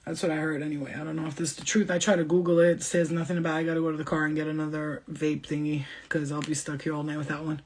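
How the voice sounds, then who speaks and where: A woman giving a casual livestream spiritual reading, talking fast and bluntly and swearing freely. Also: deep voice, little pitch movement, darkish tone, husky.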